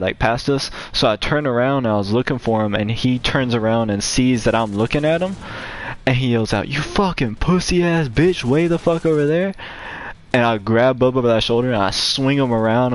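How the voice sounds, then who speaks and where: A man's voice: medium pitch, a little fast. A man hosting a gaming channel, telling a rambling, profane story in casual chat, with frequent fillers. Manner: profane, rambling, acts out quotes in a raised voice.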